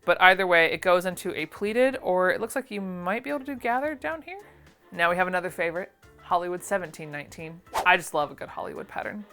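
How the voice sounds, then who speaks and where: A woman's voice: on the low side, a bit bright. A woman chatting casually through an unboxing, gushing and often trailing off mid-phrase. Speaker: vintage sewing pattern collector.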